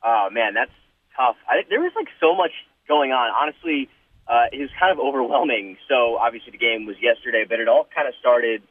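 A sports reporter guest talking casually and hesitantly on a podcast phone call. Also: male voice, medium pitch, brisk. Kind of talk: phone interview. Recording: tinny phone line.

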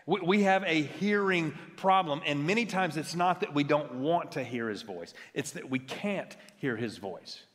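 Preaching man, slightly high voice, big hall reverb. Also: fairly bright tone. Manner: emphatic, checks in with the audience with "right?"; frequent stammered restarts. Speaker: pastor. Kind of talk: sermon. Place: large church worship center. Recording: long hall reverb from a church sanctuary.

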